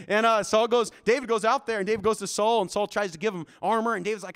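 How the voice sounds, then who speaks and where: A male pastor preaching in a church, telling Bible stories with animated, folksy energy. His voice sits notably high for a man. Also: fast. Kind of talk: sermon.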